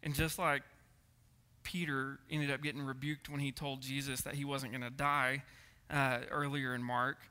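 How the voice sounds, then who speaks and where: A man's voice: medium pitch, flat delivery, normal speed, sharp tone, smooth. A man preaching a sermon, earnest, repeating words and checking in with the congregation. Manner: earnest, repeats words and asks the room "right?". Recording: echoey hall reverb.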